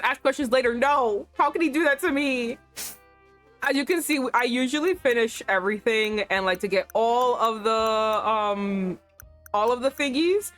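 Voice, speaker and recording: Playful, animated young woman streamer. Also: fairly high pitch. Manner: playful and animated, laughs often. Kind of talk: casual gameplay commentary.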